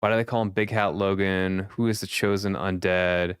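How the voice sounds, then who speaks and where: A man's voice: low-pitched, steady tone, moderate pace, smooth, no room sound, clean studio sound. A male streamer chatting casually and thinking aloud, rambling with fillers. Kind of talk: casual chat.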